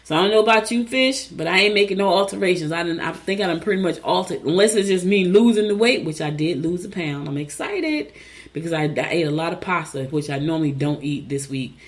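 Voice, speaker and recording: A woman hosting a radio show reads out horoscopes in a loose, conversational way. She is animated and chatty, and she breaks into personal stories between signs. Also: lowish voice, fast talker, few pauses. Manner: animated, chatty, storytelling asides. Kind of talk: casual chatty horoscope reading.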